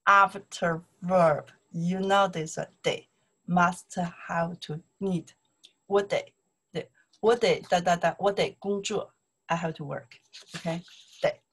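Casting: Chinese-accented female teacher, slow and patient, a little breathy, drills each word. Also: on the low side, low-quality recording. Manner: repetitive, drilling pronunciation and checking with "okay? right?". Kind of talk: online language lesson.

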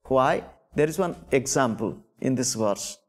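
A man's voice: mid-range voice, lively intonation, a little slow. A middle-aged man from India with an Indian accent giving a spiritual sermon, often repeating words and asking the listeners questions. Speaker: spiritual teacher.

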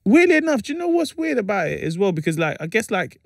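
A man, a comedian chatting as a radio guest and telling lively anecdotes with plenty of slang fillers. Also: high-pitched, fast, vocal fry, no echo, studio quality. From England. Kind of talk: casual interview chat, animated storytelling. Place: radio studio. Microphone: studio microphone.

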